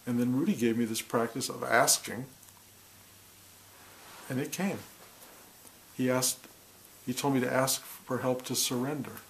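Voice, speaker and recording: A man giving a slow, reflective spiritual talk, speaking softly and often dropping to a near whisper. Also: mid-range voice, steady tone, vocal fry, slight background noise, poor audio. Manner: slow, soft, intimate, drops to near whispers.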